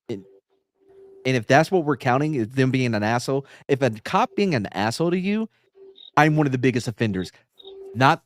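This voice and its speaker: A man's voice: mid-range voice, no echo. A man, a former police officer hosting a podcast, telling stories in a blunt, profane, swaggering way. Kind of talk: casual podcast chat, storytelling.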